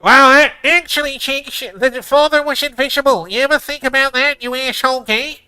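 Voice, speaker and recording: A man putting on a shrill, sneering heckler voice. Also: steady tone, moderate pace, pushed and bright, dry recording, soft background music, full character voice. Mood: mocking.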